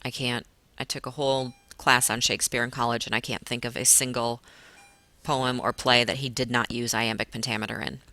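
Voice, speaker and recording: A young woman teaching a class, her voice bright and clear. She explains patiently, now and then slowing down to stretch out a word. A classroom lecture style with plenty of "um"s. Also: very deep voice, flat delivery, no echo. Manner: patient explaining, stretches words to show stress.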